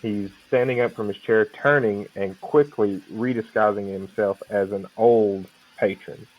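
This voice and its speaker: A man playing a tabletop game, describing his character's actions in a deliberate, hesitant way. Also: fairly low pitch, fairly even intonation. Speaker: player. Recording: dull lo-fi audio.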